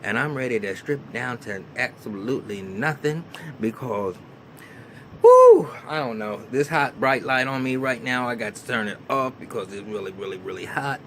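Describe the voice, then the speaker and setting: A man's voice: mid-range voice, moderate pace, bright, forceful tone, a little hiss or hum. A man rambling through a casual recap of a reality show in a small room, repeating words and acting out quotes. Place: small hot room under a bright light.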